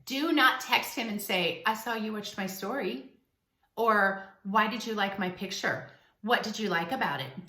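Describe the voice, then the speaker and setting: A woman's voice: medium pitch, pushed and bright. A woman giving relationship advice straight to camera in a casual, emphatic, coaching way. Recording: roomy echo.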